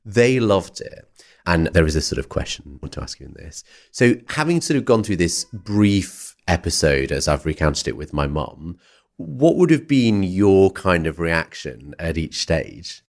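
A man's voice: low voice, big pitch swings, measured pace, gravelly. A man hosting a podcast, telling an anecdote in a rambling way with lots of "sort of" and "like". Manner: rambling, hedges a lot with "sort of" and "like". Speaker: podcast host. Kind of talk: casual storytelling interview.

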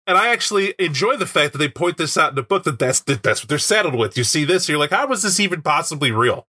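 Guy chatting about a game book, bright punchy voice, keeps doing little voices for the characters. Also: a little high, fast. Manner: animated, acts out quotes in put-on voices. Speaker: podcast co-host discussing a tabletop game book. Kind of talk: casual chat.

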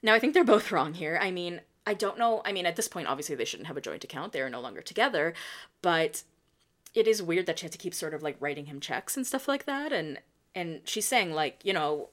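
A woman's voice: on the low side, expressive, a little fast, fairly bright tone. A woman hosting a podcast, recapping a reality show in casual, opinionated chat with many "like" fillers. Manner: opinionated, chatty, heavy use of "like". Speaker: podcast host.

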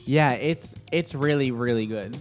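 A man co-hosting a radio chat show, telling stories in a lively way and acting out his own panicked lines. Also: medium pitch, measured pace, soft background music. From New Jersey. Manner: animated storytelling, acts out his own panicked quotes. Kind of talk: casual chat.

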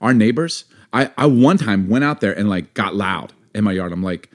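A middle-aged man co-hosting a casual chat, telling stories and acting out quotes with big jumps in voice. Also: normal speed. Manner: animated, acts out quotes with big pitch jumps. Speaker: podcast co-host.

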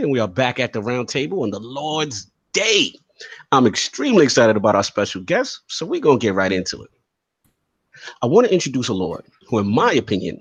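A man's voice: mid-range voice, slightly rough, no echo. A man hosting a casual gaming podcast, introducing guests with playful hype-style nicknames. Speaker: podcast host.

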